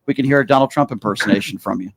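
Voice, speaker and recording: A man's voice: mid-range voice, very fast, creaky, slight background noise. A man hosting a call-in talk show, joking with callers and co-host. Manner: joking, taking calls. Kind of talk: casual radio talk.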